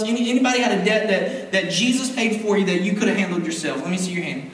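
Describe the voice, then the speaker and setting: A man's voice: high voice, big pitch swings, fast talker, a little hiss or hum. A male pastor preaching a sermon, emphatic and rising to fervent exhortation, recorded in a church sanctuary. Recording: echoey hall from far off.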